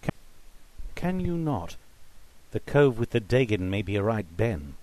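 A man voicing a suspicious, educated gentleman who speaks formally and precisely. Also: fairly low pitch, big pitch swings, measured pace, a little hiss or hum. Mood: accusing. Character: educated, sharp-witted gentleman, male, suspicious.

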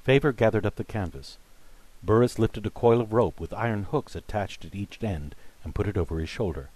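Low-voiced man narrating a story. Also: a little fast, a little mellow. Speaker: audiobook narrator. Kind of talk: scripted narration.

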